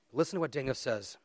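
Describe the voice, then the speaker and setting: A man's voice: mid-range voice, a bit bright, no echo, studio quality. A man preaching a sermon, earnest and emphatic, reading scripture aloud with dramatic emphasis. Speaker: pastor.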